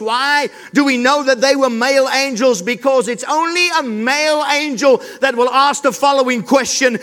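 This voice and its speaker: A man's voice: very high-pitched, a bit bright. A male pastor preaching an emphatic sermon, throwing rhetorical questions to the congregation. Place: church. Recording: long reverb of a large hall.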